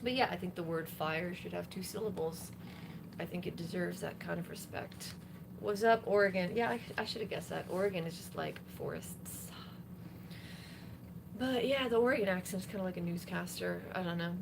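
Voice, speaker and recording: Her voice low and gravelly, a woman singer-songwriter talks at normal speed between songs on a live stream, rambling casually with lots of fillers. Guitar plays throughout, and there's background noise.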